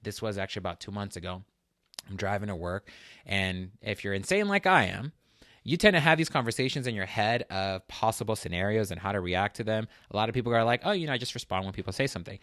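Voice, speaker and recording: A man's voice: fairly low pitch, a little fast, a bit bright, no room sound, clean studio sound. A man hosting a fitness talk show, telling a candid, emotional personal story as a monologue. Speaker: podcast host.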